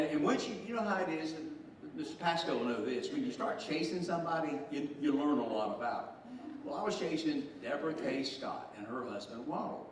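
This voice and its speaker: A Southern US man in his sixties, a state official, addresses a group in a fairly high voice, telling folksy, joking stories and chuckling along the way. The recording is noisy, echoey, and captured from far away in the room.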